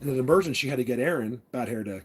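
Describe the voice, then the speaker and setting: A man's voice: mid-range voice, lively intonation, rapid-fire, husky. A man rambling through a casual story, blunt and opinionated, with many restarts. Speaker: vlogger.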